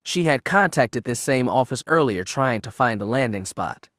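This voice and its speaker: A man reading a science fiction audiobook in steady, measured narration. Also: medium pitch, no room sound, studio quality. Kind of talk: scripted narration.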